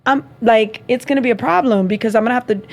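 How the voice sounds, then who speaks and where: A young woman with a slightly high voice hosts a podcast chat. She tells stories with animation, acting out both sides of the exchange. Her laughter often breaks into the telling. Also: quick pace, a little mellow. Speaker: podcast host. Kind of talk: casual chat.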